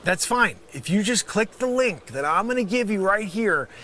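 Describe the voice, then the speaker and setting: Loud, insulting fake scammer man. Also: sits high, lively intonation, moderate pace. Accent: put-on New York. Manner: loud, insulting, swings from shouting to muttering. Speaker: improv comedian playing a phone scammer. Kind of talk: improvised comedy sketch.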